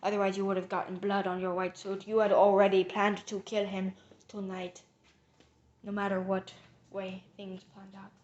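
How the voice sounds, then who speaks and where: A woman's voice: mid-range voice, monotone, moderate pace, a little mellow, lo-fi sound. A woman narrating a mystery reveal, theatrically accusing the culprit as she retraces the crime step by step.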